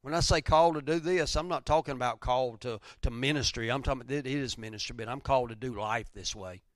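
A man preaching a conversational sermon, telling stories, then rising loud and dropping to near whispers. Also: mid-range voice, fast talker, dry recording, clean studio sound. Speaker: pastor.

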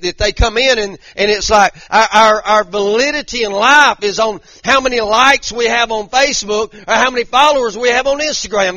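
A man's voice: high-pitched, bright, forceful tone, no room sound, muffled recording. A pastor preaching a fervent sermon, repeating his points and using casual slang. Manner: fervent, repetitive preaching with Southern-style slang.

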